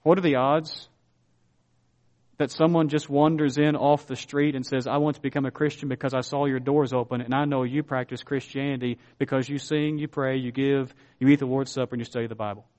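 A man preaching a sermon as a pastor, with emphatic pauses and big swings between soft and loud. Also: mid-range voice, fairly even intonation.

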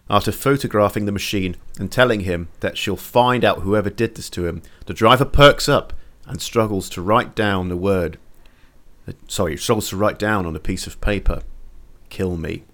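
Podcast host guy, lowish voice, chatty and keen, walking through the plot. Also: moderate pace, fairly bright tone. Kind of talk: casual podcast chat and episode recap.

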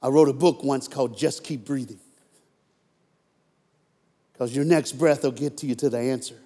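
An American man giving a live motivational sermon to a crowd, telling his story in a voice that drops to a hush and then rises to loud, fired-up preaching, with jokes aimed at the audience. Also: medium pitch, steady tone, moderate pace. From United States. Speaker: motivational speaker. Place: large hall with a live audience. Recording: echoey hall with long reverb.

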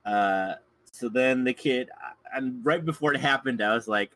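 A male podcast guest walks through a film's story at a measured pace, often chuckling as he describes scenes. His mid-range voice is a bit bright, and the recording is dry and low-quality.

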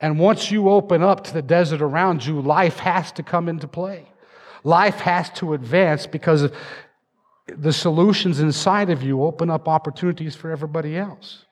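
A pastor with a slightly high voice preaches a sermon from a church stage at a moderate pace, telling a story dramatically and acting out voices. The recording has a long hall reverb.

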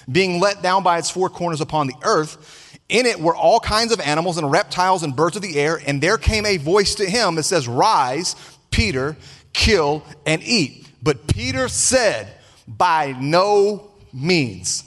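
Pastor preaching in a big hall. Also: male voice, a little high, a bit bright. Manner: preaching with call-and-response, repetitions. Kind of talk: sermon. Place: church sanctuary with congregation. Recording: long reverb of a large hall.

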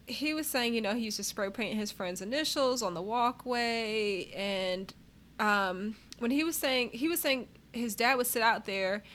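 A woman's voice: on the high side, a little slow, fairly bright tone. Woman, podcast co-host, gossipy, opinionated, faint background noise. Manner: opinionated, gossipy, laughs often. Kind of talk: casual chat about a reality show.

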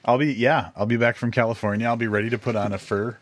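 A man co-hosting a podcast, chatting in a relaxed, joking way with plenty of casual swearing. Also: mid-range voice, fast, slight background noise. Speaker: podcast co-host. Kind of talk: casual chat.

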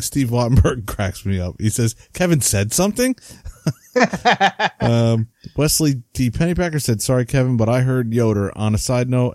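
A man with a New Jersey accent chats on a podcast in a relaxed, mellow voice, reading out listener comments and laughing between them. The sound is dry and close. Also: mid-range voice, dry recording. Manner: chatty, laughs while reading names. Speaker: podcast co-host.

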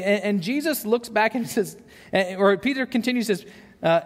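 A man's voice: sits high, lively intonation, moderate pace, in a large hall. A man preaching a sermon into a microphone, earnest and full of rhetorical questions, often repeating words as he searches for the next thought. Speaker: pastor.

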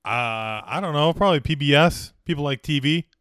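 A man co-hosting a comedy podcast, chatting casually and dropping deadpan, wry one-liners. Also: fairly high pitch, normal speed, clean tone, no echo, clean studio sound. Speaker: podcast co-host.

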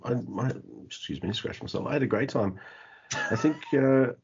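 A man's voice: medium pitch, moderate pace, vocal fry, a little mellow, husky, lo-fi sound. A man co-hosting a podcast in a laid-back casual chat, often stumbling and restarting his sentences. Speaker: podcast co-host.

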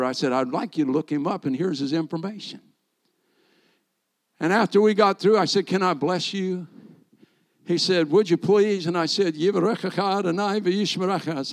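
A middle-aged man, a rabbi, preaching a sermon and telling stories while acting out the dialogue. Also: on the high side. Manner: animated storyteller acting out dialogue. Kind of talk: sermon storytelling.

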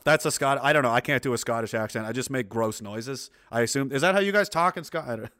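A man's voice: mid-range voice, lively intonation, normal speed, a bit bright, no echo. A man hosting a casual livestream, talking in a rambling way with many restarts. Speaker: livestream host.

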